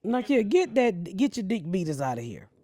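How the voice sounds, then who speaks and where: Woman host, brash and profane, animated storyteller with very lively pitch. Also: normal speed. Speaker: podcast host. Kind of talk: casual podcast chat.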